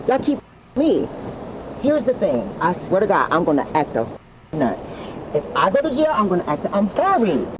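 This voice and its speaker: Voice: mid-range voice, huge pitch swings, moderate pace. A detainee arguing angrily with police, repeating oaths over and over. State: agitated. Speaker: person being detained. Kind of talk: heated argument with police. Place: outdoors at a hotel. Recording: noisy police camera footage.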